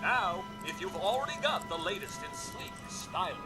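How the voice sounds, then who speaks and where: An actor playing a chipper robot shopkeeper who talks like a game-show host, with showy, exclamatory patter. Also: male voice, high-pitched, very animated, normal speed. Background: game music.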